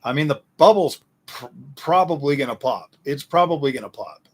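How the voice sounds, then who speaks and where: A man's voice: on the high side, lively intonation, moderate pace. A man hosting a casual livestream, answering chat in a slangy, ranting way, often repeating himself and restarting his sentences.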